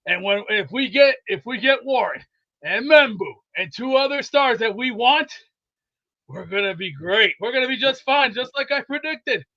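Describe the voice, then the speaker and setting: A man with a very high, bright voice rambles boastfully about his team, excitable and a little winded. The recording sounds dull and lo-fi. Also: moderate pace. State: out of breath from exercise. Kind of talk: rambling comedic sports chat.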